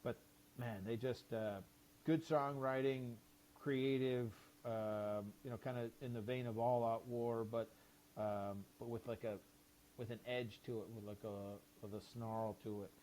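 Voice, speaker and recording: A man's voice: medium pitch, flat delivery, a little slow, darkish tone, a little hiss or hum. A man who is a podcast guest, chatting casually in a rambling, enthusiastic way with many fillers and swears. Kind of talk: casual chat.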